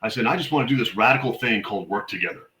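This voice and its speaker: A man's voice: medium pitch, animated, very fast, pushed and bright, echoey room, slight background noise, low-quality recording. A middle-aged man, a military veteran and suicide prevention educator, telling stories in a blunt, emphatic way as an interview guest. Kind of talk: conversational podcast interview.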